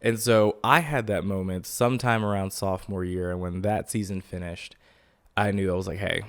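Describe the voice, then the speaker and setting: A man's voice: sits low, fairly even intonation, moderate pace, clear, resonant tone. A young man hosting a podcast, telling a rambling, profane, jokey story about himself in casual talk. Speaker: podcast host.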